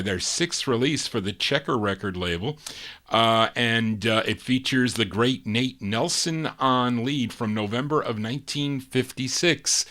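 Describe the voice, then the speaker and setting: A man hosting a live radio-style record show, chatting casually between songs and pausing now and then to recall details. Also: mid-range voice, fairly bright tone. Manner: easygoing and chatty, with frequent pauses to recall details.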